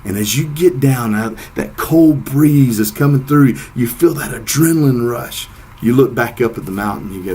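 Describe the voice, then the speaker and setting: A man's voice: medium pitch, moderate pace, warm tone, slight background noise. A middle-aged man giving a descriptive speech, telling a story and laughing at himself. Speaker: speaker.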